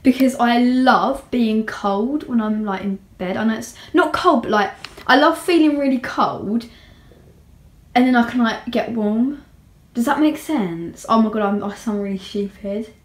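A woman's voice: fairly high pitch, measured pace. Chatty young woman rambling through a tour. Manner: chatty, giggly, rambling, many "like"s. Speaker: vlogger. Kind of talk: casual room tour. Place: bedroom.

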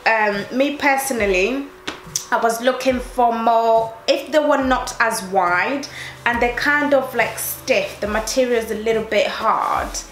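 A fashion YouTuber with an accent blending London and Northeast English chats casually with her viewers during a try-on haul, addressing them directly. Her voice is fairly high, a bit bright, and measured in pace. Captured on a camera mic in an echoey room, it carries faint music and a little hiss or hum.

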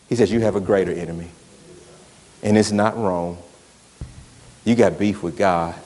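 A man's voice: deep voice, fairly even intonation, moderate pace, long pauses, a little mellow, in a large hall. A man, a pastor preaching a sermon in a conversational, emphatic way that drives points home through repetition. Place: church sanctuary.

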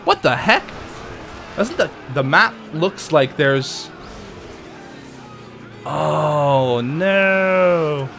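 A man casually commenting while playing a racing game, chatty and jokey with sudden excited outbursts. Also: a little high, extremely slow, creaky, long pauses, faint music behind. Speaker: let's play host.

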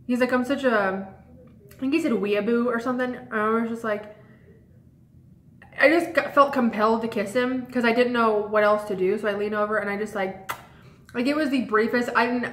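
A woman's voice: a little high, a bit bright. A young woman telling a rambling first-date story to her viewers in casual chat, full of "like" and "um". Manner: chatty, rambling, lots of "like" and "um". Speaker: vlogger. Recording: echoey room.

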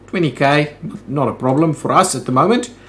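A man's voice: on the high side, brisk. A man hosting a let's play, thinking aloud in casual commentary with frequent "ooh"s and "um"s.

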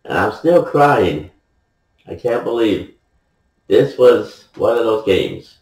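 A man slowly reading out scores like a sideline reporter, laughing and choked up. His voice sits back from the mic in a roomy space. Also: fairly low pitch, big pitch swings, darkish tone, distant mic. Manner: emotional, laughing, half-joking reporter act. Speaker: gamer narrating his own match. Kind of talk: casual sideline-style game recap.

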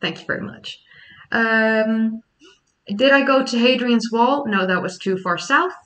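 A woman's voice: on the high side, unhurried, fairly bright tone, distant mic, rough recording. A young adult woman from the Netherlands with a Dutch accent, chatting casually on a livestream and explaining history questions at length. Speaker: history YouTuber.

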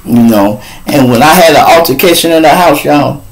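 A man hosting a live street show, telling a profane story in heavy slang, swinging between loud outbursts and low asides. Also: moderate pace, low-quality recording.

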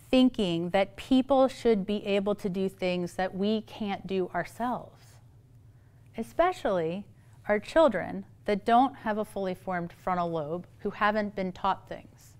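A middle-aged woman psychologist giving a playful, lively talk on parenting to an audience, with quick asides. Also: mid-range voice, smooth. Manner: playful, quick asides, acts out quoted voices.

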